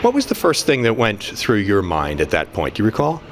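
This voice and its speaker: A man's voice: on the low side, huge pitch swings, brisk, slight background noise. A male interviewer asking questions and rephrasing them as he goes.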